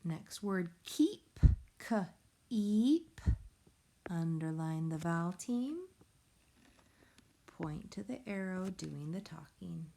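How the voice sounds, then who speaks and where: A woman teacher giving a recorded phonics lesson to young children, explaining slowly and patiently in a sing-song way. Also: lowish voice, lively intonation, creaky, warm tone, a little hiss or hum. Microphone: tablet or device mic.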